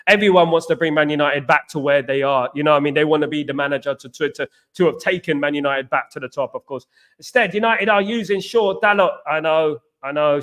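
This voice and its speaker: A man hosts a casual live stream, reading viewer comments aloud and answering them in a jokey, rambling manner while repeating the same catchphrases. His voice is fairly high and fairly bright.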